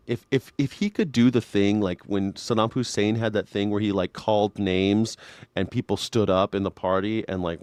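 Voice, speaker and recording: Lowish and a little mellow, with no echo, this male host runs a live news reaction show. He mocks the news crudely and sarcastically, slipping into exaggerated mimicking voices.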